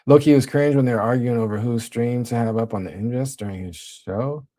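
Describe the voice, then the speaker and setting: A man's voice: medium pitch, fairly quick. Laid-back young man streaming to chat. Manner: laid-back slang-heavy, shouting out chat. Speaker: livestream host. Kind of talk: casual livestream chat reading viewers.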